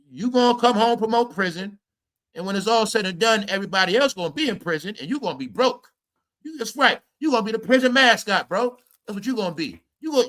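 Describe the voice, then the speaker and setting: Brash high-voiced man ranting. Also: bright, forceful tone. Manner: brash, mocking, repeats "y'all" and "bro". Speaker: commentary streamer. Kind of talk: ranting commentary.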